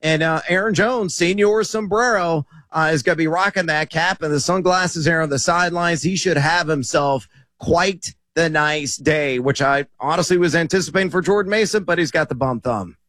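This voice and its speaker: A man who analyzes fantasy football, talking on a sports radio show in an animated, wisecracking way. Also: a little high, normal speed, no room sound. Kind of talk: casual sports talk.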